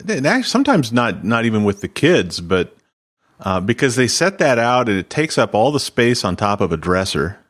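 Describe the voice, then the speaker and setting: A man co-hosting a casual podcast, telling stories in a relaxed way with repeated words. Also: mid-range voice, normal speed. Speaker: podcast co-host. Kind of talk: casual chat.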